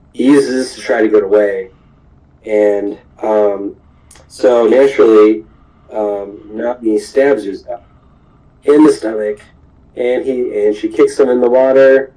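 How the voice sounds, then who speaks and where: Slow, mellow-voiced man rambling. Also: lowish voice, poor audio. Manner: rambling, many ums and restarts. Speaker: podcast host. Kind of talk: casual recap of a cartoon episode.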